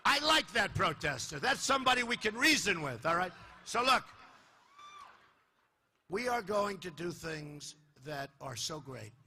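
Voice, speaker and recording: An older man giving a boastful, repetitive campaign rally speech in a large hall, dropping to low asides and rising to shouts. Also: very animated, unhurried, creaky, a little hiss or hum. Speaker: political candidate speaking at a rally. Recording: live hall recording with faint crowd ambience.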